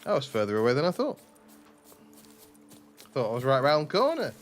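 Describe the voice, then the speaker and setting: Animated man streaming a game. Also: medium pitch, normal speed, soft background music. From southeast England. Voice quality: faint trace of a lisp on S sounds. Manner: animated, self-mocking, exclamatory. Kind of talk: casual gaming commentary.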